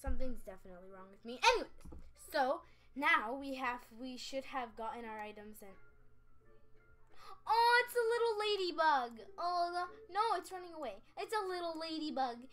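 A woman's voice: high-pitched, lively intonation, normal speed, fairly bright tone, faint music behind. A young woman chatting over her gameplay, rambling and scatterbrained, giggling at herself. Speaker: gaming vlogger. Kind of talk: casual game commentary.

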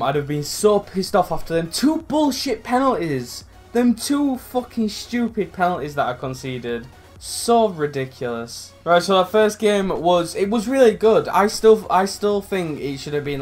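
A young man commentating on his own football video game match, sweary and excitable, swinging from low mutters to loud outbursts. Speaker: gaming YouTuber.

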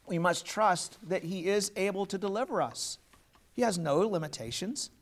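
A man's voice: high-pitched, moderate pace. A man preaching a sermon as pastor, earnest and plain, putting questions to his congregation.

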